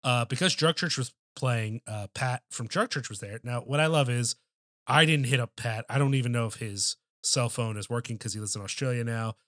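A man's voice: mid-range voice, normal speed, fairly bright tone, dry recording, clean studio sound. Chatty man telling a rambling story. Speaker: podcast co-host. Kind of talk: casual chat.

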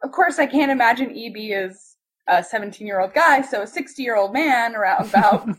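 A woman's voice: on the high side, a little fast, a bit bright, rough recording. A young woman telling a funny story in casual chat, giggling often and full of fillers.

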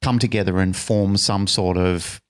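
Male podcast co-host, lower voice, reflective, acts out the people he quotes. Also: fairly even intonation, measured pace. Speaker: podcast co-host, dog trainer. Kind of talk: casual conversational podcast chat.

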